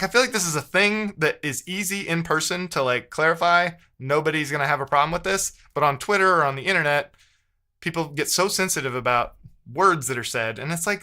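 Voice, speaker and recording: Male streamer, fairly high bright voice, rambling and frustrated, casual chat with his viewers. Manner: rambling, frustrated, self-correcting. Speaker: livestreamer.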